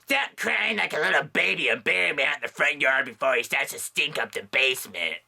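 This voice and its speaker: A man's voice: fairly high pitch, expressive, fairly quick, creaky, bright, forceful tone, heavily acted. A man voicing a bossy, cranky old woman who nags and scolds. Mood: scolding. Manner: nagging, scolding.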